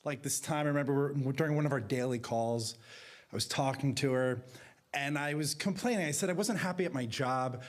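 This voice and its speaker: A man in his thirties from New Jersey, telling a personal story with comic timing and big jumps in pitch. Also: fairly quick.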